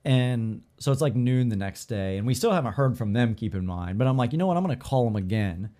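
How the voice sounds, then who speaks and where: Male podcast co-host, casual storyteller, animated delivery with voiced quotes. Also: mid-range voice, fast talker. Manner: animated, acts out other people's lines in quoted voices.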